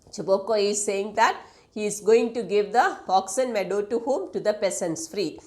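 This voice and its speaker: A woman's voice: medium pitch, moderate pace, a little mellow. A woman teacher explaining a play in a lesson, glossing words and asking questions. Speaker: English teacher.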